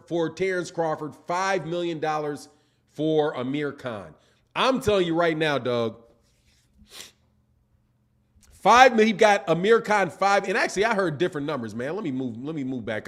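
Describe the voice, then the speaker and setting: On his live stream, this high-voiced man who hosts a boxing channel argues animatedly while reading viewer chats and giving commentary. He keeps asking rhetorical questions.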